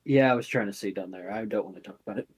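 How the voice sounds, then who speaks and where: A reassuring father, as a man puts him on talks fast and low in a tabletop game. He keeps it hushed and steady, close to the performer's own voice. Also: husky.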